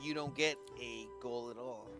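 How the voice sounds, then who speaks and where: A man's voice: medium pitch, moderate pace, fairly bright tone, soft background music. A Canadian man playing a party game, role-playing a bloodthirsty chief in mock-theatrical banter. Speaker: player. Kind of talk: playful in-character role-play in a game.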